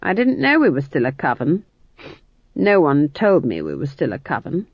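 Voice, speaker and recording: A woman's voice: low voice, very animated, measured pace, vocal fry, no room sound, exaggerated voice. A woman voicing a proud, disapproving old female witch who speaks curtly. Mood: stern. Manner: curt, disapproving. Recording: dull dry studio read.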